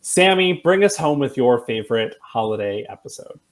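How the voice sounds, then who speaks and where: A man's voice: medium pitch, normal speed. Chatty man recommending TV. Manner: chatty, animated, many fillers. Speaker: co-host. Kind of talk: casual TV recommendation chat.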